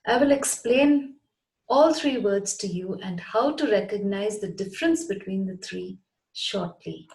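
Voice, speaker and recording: A woman's voice: medium pitch, lively intonation, unhurried, vocal fry, a little mellow, poor audio. A woman teaching a lesson, speaking carefully and spelling words out letter by letter. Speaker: English teacher. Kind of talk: scripted English lesson.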